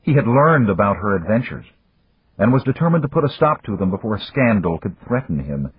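Deep, very husky male narrator. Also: very animated, brisk, no room sound. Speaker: audiobook narrator. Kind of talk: scripted narration. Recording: dry, tinny phone-like audio.

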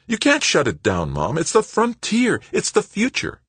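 A man voicing an earnest, determined young man who argues with his mother, somewhat higher than his own voice. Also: moderate pace, slightly rough, no room sound, full character voice. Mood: pleading. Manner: eager, then calmly insistent.

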